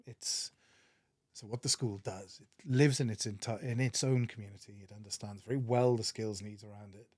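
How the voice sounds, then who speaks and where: A man with a Welsh accent, a podcast guest telling stories in an earnest, animated way with many restarts. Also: lowish voice, moderate pace, no echo. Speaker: podcast guest, managing director. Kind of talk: casual interview storytelling.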